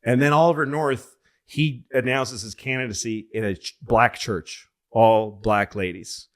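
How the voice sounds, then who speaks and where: A man's voice: medium pitch, fairly even intonation, measured pace. A man telling casual, rambling, profane stories and often correcting himself. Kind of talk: casual comedic storytelling.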